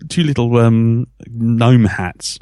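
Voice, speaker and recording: A man's voice: medium pitch, slow pace, dark tone, no echo, clean studio sound. A man hosting a podcast, telling crude, joking school stories in casual chat. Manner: joking, crude, chatty storyteller. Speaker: podcast host.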